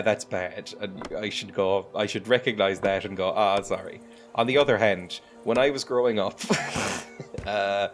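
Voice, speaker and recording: An Irish man streaming a game, chatting casually and self-deprecatingly, laughing often and swearing now and then. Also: lowish voice. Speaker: gaming streamer. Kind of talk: casual chat over gameplay.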